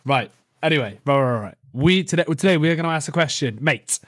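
A young man co-hosts a casual football podcast, his voice sitting a little high. He jokes and laughs his way through the talk, dropping swear words freely. The sound is close and dry. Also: animated, fairly quick, a bit bright, no echo. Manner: laughing, swearing, jokey banter. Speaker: podcast co-host.

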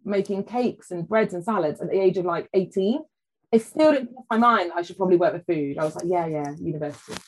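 Chatty woman with a low voice. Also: poor audio. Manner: chatty storyteller, animated quoting. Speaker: podcast guest, food writer. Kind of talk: casual chat.

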